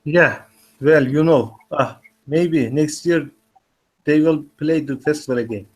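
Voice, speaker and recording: A man's voice: a little high, measured pace, breathy edge, poor audio. A man in a language class reading a practice dialogue aloud carefully. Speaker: language student.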